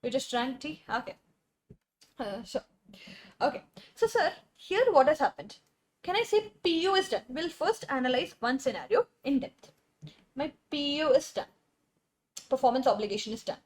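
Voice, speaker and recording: A woman's voice: high voice, animated, normal speed, long pauses. A young woman giving a classroom accountancy lecture, repeating key terms and quizzing her students.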